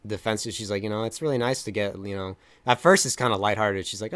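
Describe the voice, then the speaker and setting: Here a young male co-host of a film review podcast speaks briskly in a deep, steady, smooth voice with a fairly bright tone. He chats casually, retelling scenes in a rambling way with many fillers and lines he acts out.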